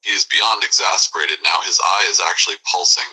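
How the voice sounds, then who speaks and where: A man narrating a whispered role-play in a hushed voice, describing a figure's growing anger to the listener. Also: deep voice, steady tone, a little fast, husky, low-quality recording.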